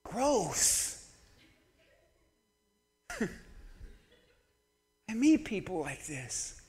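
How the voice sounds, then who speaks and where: A man, a pastor, preaching a sermon in a church, animated and conversational, swinging between loud emphasis and quiet asides. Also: high voice, extremely slow. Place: church sanctuary. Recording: long church hall reverb.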